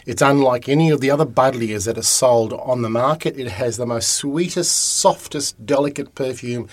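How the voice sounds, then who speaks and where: A man talking warmly and eagerly about his garden and his spices in a relaxed radio chat. His voice sits at a middle pitch. He piles up descriptive words as he shows off each plant. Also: moderate pace. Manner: enthusiastic, chatty. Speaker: gardening and cooking guest expert.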